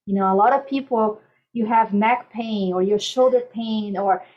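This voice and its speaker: A woman life coach speaking gently and soothingly in a podcast interview, softly repeating calming mantras. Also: mid-range voice, moderate pace, muffled recording.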